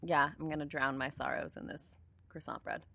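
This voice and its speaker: A woman's voice: low voice, steady tone, a little fast, creaky, sharp tone, no room sound. A woman co-hosting a casual food podcast, playful and laughing often, reading product text aloud. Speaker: podcast co-host. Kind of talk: casual chat.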